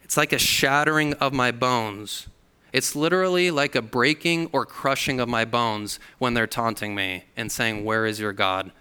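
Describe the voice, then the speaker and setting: A man's voice: mid-range voice, bright, forceful tone, clean tone. A man preaching a sermon in a church, earnest, acting out the voices he quotes. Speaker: pastor. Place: church hall.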